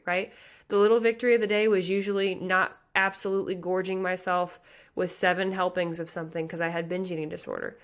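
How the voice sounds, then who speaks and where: A woman's voice: mid-range voice, fairly even intonation, brisk, a bit bright. A woman in her thirties from the American Midwest, a pageant coach hosting her own podcast, talking earnestly and passionately, with many casual fillers. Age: 30s. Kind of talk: motivational podcast monologue.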